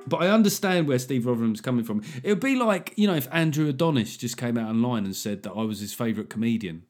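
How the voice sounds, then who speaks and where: A man's voice: mid-range voice, fast talker, hardly any pauses, over music. Sweary comedian host in his forties. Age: 40s. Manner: animated, sweary, self-mocking riffing. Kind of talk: casual comedy podcast monologue.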